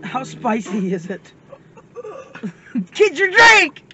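A woman's voice: sits high, big pitch swings, extremely slow, sharp tone, slight background noise. A woman chatting with a friend in a car, nervous and giggly, squealing now and then. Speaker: friend co-host. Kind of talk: casual chat. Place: inside a car.

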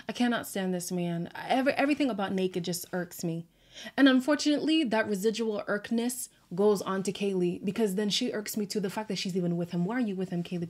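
Sassy chatty woman recapping a show. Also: medium pitch. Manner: chatty, sassy, exasperated asides. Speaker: recap vlogger. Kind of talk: casual reality-show recap.

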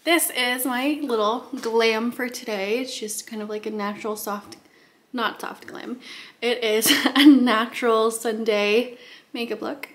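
A woman's voice: fairly high pitch, fairly even intonation, measured pace, rough recording. A young woman chatting casually to camera as a lifestyle vlogger, bubbly and chatty with lots of fillers. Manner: bubbly, chatty, full of "like" and "so cute".

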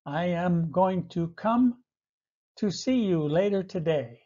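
A man teaching basic English verbs, repeating each word slowly and clearly with light chuckles. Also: high-pitched, animated, mellow. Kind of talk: slow vocabulary lesson for learners. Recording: dull lo-fi audio.

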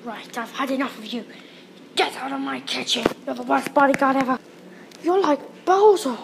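A woman voicing a bossy, quick-tempered princess in a homemade toy video, scolding and indignant. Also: fairly high pitch, animated, background noise.

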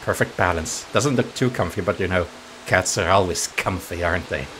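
A man giving playful gameplay commentary as a let's play host, cooing softly and giggling while he talks to the characters on screen. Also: deep voice, moderate pace, noisy background. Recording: game music behind the voice.

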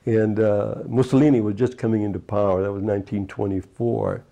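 A man's voice: on the low side, little pitch movement, a little fast, vocal fry, warm tone, lo-fi sound. A man in his eighties, a retired fisherman, recalling his childhood in a rambling oral history interview, full of "you know" asides. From United States. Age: 80s.

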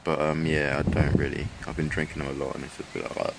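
A man's voice: rumbling low, little pitch movement, fast talker, creaky, very noisy. A young man chatting casually to camera in a laid-back, slangy way, swearing a lot. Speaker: vlogger. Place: at home and outdoors.

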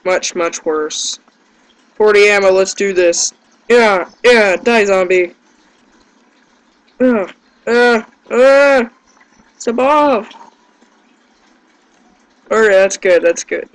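Man, high voice, unhurried pace, let's play commentary, panicky yelps, self-deprecating groans. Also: poor audio. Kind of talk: gameplay commentary.

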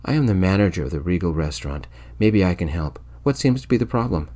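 A man voicing a formal, placating restaurant manager, in soft-spoken ASMR storytelling. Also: low voice, lively intonation, fast talker. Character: formal restaurant manager, smoothing things over.

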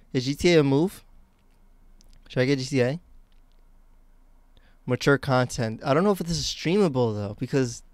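A young man streaming live, reacting out loud in a slangy, excitable way. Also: mid-range voice, clean tone, no room sound.

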